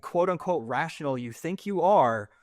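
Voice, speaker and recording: A middle-aged podcast host conducts a casual conversational interview, rambling and searching for words with many fillers and restarts. His fairly high voice is animated at a moderate pace, recorded in studio quality with no echo.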